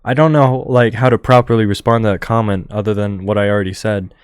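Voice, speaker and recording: Young male podcast host, low monotone delivery, rambling and full of fillers, dry close-mic sound. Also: fast, clean tone, dry recording. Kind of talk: solo podcast monologue.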